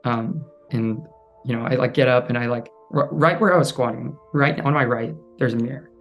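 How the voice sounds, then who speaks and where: A man with an ordinary, mid-range voice tells a personal story as an interview guest. He speaks softly and haltingly, leaning on fillers and restarting his sentences. Faint music plays quietly behind him. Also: mid-range voice, vocal fry. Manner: halting, soft-spoken, many fillers.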